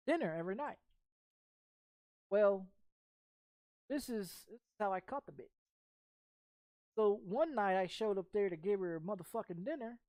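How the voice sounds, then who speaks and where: A man's voice: high voice, a little mellow, clean tone, dry recording, studio quality. A man telling a personal story in casual chat while streaming a game, profane and rambling with frequent repeats.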